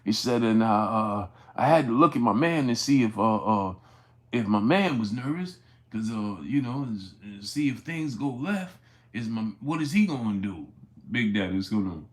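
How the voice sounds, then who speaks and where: A man hosting a sports livestream, telling a story in a rambling way with many fillers and restarts, and greeting chat viewers by name along the way. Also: medium pitch. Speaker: sports channel host.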